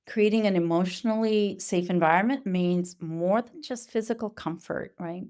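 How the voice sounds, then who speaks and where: A woman who works as a Montessori educator, giving an earnest, explanatory conference talk with frequent pauses and fillers. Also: mid-range voice, a little mellow.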